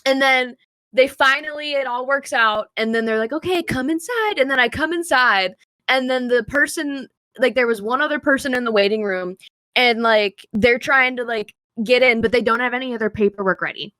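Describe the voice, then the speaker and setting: A young woman co-hosting a podcast, telling a long story in a rambling, filler-heavy, animated way. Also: fairly high pitch, moderate pace, no room sound. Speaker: podcast co-host. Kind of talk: casual storytelling chat.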